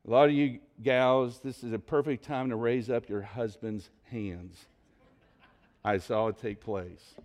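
A pastor preaching a sermon, telling a story in an animated, conversational way. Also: male voice, mid-range voice, unhurried.

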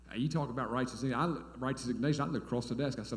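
Folksy pastor in an echoey hall. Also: male voice, mid-range voice, racing, few pauses. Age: 30s. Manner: folksy storytelling, swings from quiet asides to loud emphatic outbursts. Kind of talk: sermon.

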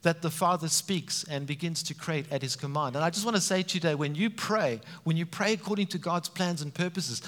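A man preaching a sermon, animated and emphatic, with frequent rises for emphasis. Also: on the high side, brisk, few pauses. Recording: reverberant hall sound.

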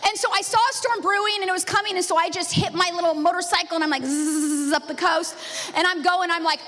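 Female pastor, 30s, bright high voice, animated storytelling sermon, church reverb. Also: quick pace. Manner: lively storyteller with frequent laughs. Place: church sanctuary. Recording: long reverb of a church hall.

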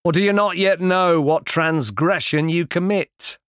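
A bold, zealous pilgrim leader who shouts his challenge in a high, raised, scornful voice, as a male narrator puts him on. The recording is close and completely dry. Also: unhurried, clean tone, no echo. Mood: defiant. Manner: calls out loudly, scornful, zealous. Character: defiant bald male pilgrim leader, pipe in teeth. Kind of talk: audiobook character voice.

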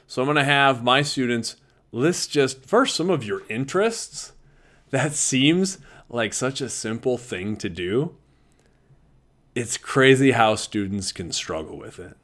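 A man's voice: medium pitch, a bit bright. A man who teaches visual arts, talking earnestly and conversationally to fellow teachers and laughing easily.

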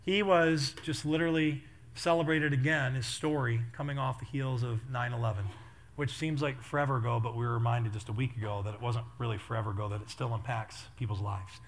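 A man preaching a sermon as pastor, telling stories in an animated way that builds to loud intensity. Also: medium pitch, a little fast, slight background noise.

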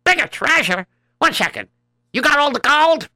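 A man's voice: high-pitched, big pitch swings, a little slow, bright, forceful tone, smooth, dry recording, full character voice. A man voicing a sly, crooked male merchant who chuckles and wheedles as he talks. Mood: prying. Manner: chuckling, wheedling, laughs often.

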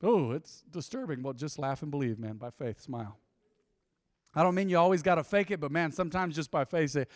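A male pastor delivers a sermon in a call-and-response style, with joking and laughter between points, then builds into fervent prayer. His voice sits fairly high for a man, and the recording is close and dry, with little room sound. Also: lively intonation, brisk, dry recording.

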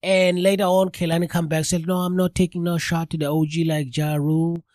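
A man hosting a live radio show, his voice a touch high and sounding stuffy and congested from a cold. He chats casually and speaks straight to his listeners. The sound is dry and close, with no room echo. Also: level tone, a little fast, a little mellow. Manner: chatty, addresses listeners directly.

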